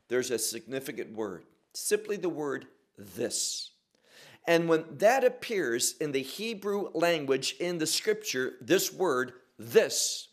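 A man preaching an expository sermon, slow and emphatic, pausing between short phrases. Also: high voice.

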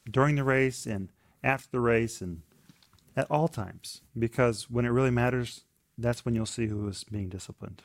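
A man's voice: mid-range voice, normal speed. A man sharing a thoughtful point in a group discussion, now and then restarting his phrases. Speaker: discussion participant.

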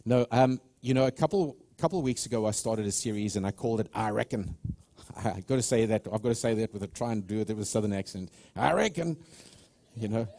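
This South African pastor talks fast in a fairly low, mellow voice during a live church sermon in the sanctuary. Earnest and halting, he keeps restarting and calling out to the congregation.

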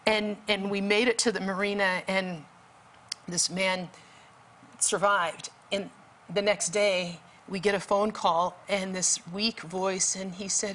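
A woman's voice: medium pitch, level tone, slow, a bit bright, a little hiss or hum. A woman guest telling a vivid, emphatic story as a testimony, with bursts of urgency. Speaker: guest author.

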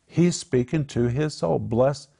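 Male Bible-teaching host, husky, earnest and emphatic, mid-range pitch. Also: slow pace, dark tone. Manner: earnest, emphatic, builds to raised exhortation.

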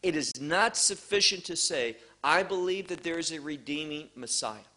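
A man preaching a sermon, slow and emphatic, posing questions to the congregation. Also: a little high, animated, bright, forceful tone.

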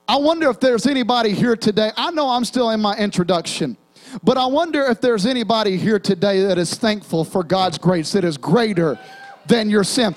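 A young man preaches in a church with a strikingly high voice. He calls out to the congregation and slips into half-sung hymn lines as he goes. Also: brisk. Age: young adult. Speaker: pastor. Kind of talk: sermon. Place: church sanctuary.

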